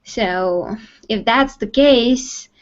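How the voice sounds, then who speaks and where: A woman co-hosting a casual movie chat, often pausing to search for words with many fillers. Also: a little high, lo-fi sound. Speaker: co-host.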